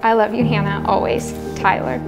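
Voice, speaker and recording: A woman reading a wedding letter aloud in an earnest, measured way as a voice-over. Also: mid-range voice, flat delivery. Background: clear music.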